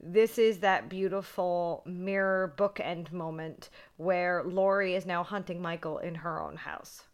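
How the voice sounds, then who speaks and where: A woman co-hosting a horror podcast, recapping a movie in casual, excitable chat, swearing freely and saying "like" a lot. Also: fairly low pitch, a little slow, few pauses.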